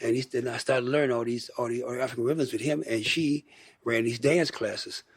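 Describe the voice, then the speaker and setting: A man's voice: mid-range voice, a little fast, breathy edge, dry recording. An older American man from Michigan, a guest musician, telling rambling stories in a casual interview and acting out what people said. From Michigan, USA. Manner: rambling, animated storyteller who acts out quotes.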